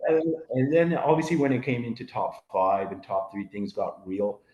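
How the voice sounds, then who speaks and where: A man's voice: medium pitch, expressive, normal speed, warm tone, muffled recording. Rambling middle-aged man, roomy echo. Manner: rambling, full of fillers, acts out quoted family voices. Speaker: podcast guest. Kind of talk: casual storytelling.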